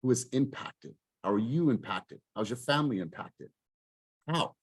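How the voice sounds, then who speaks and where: Fired-up husky male coach. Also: mid-range voice, animated, moderate pace. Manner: fired-up, emphatic, swears for emphasis. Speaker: group coaching leader. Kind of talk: motivational group coaching talk.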